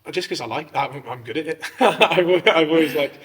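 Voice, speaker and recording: Male podcast co-host, bright tone, rambling casual chatter, long hall reverb. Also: a little high, fairly quick. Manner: rambling, heavy use of "like", animated when telling stories. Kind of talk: casual fitness chat.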